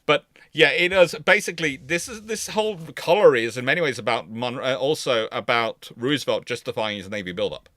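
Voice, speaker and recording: A man's voice: mid-range voice, animated, fairly quick, few pauses, sharp tone, no room sound. A man presenting naval history in a casual lecture, rambling and correcting himself as he goes. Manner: rambling, self-correcting, chuckling.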